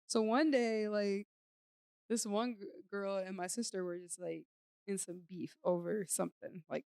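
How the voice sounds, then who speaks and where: A young woman co-hosting a casual podcast, telling a story in an animated, chatty way with lots of filler words. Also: mid-range voice, unhurried, gravelly, clear, resonant tone, no echo. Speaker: podcast co-host.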